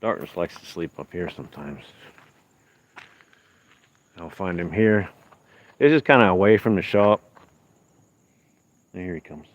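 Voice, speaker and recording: A man hosting a casual livestream outdoors at night, chatting easygoingly as he answers viewers while walking on gravel. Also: expressive, a little slow, pauses often, a little hiss or hum. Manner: easygoing, rambling, low-key. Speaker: livestream host. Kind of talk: casual live-stream chat, reading viewer comments.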